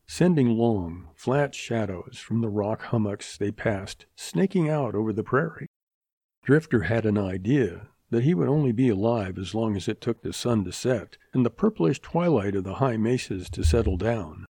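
A man reading a western novel as an audiobook, in steady, measured narration. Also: fairly low pitch, breathy edge, no room sound, studio quality.

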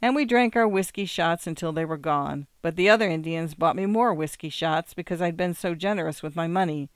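A man's voice: on the high side, fairly quick, clear, resonant tone, no room sound, clean studio sound. A man reading a first-person story aloud in a wry, plain-spoken way. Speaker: audiobook reader.

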